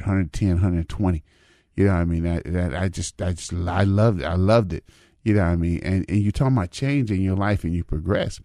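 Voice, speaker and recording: Man in his fifties, deep low voice, dry studio sound, casual rambling storytelling, folksy. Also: mellow, no echo. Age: 50s. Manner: folksy, repetitive, says "man" and "you know what I mean".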